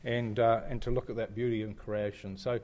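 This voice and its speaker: A middle-aged man with a New Zealand accent, visiting to speak at a church, gives a joking, chatty slide presentation peppered with fillers and restarts. His lowish voice is a little mellow, fairly quick, and shows little pitch movement.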